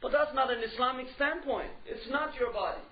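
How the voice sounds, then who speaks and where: A man's voice: extremely high pitch, a little fast. A man giving a religious lecture in an emphatic style, repeating key phrases and asking rhetorical questions. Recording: dull lo-fi recording.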